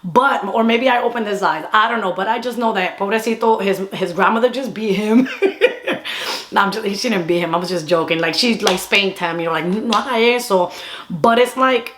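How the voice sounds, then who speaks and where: Fast-talking young woman telling a story. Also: medium pitch. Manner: fast, animated, mixing Spanish phrases. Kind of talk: casual storytime.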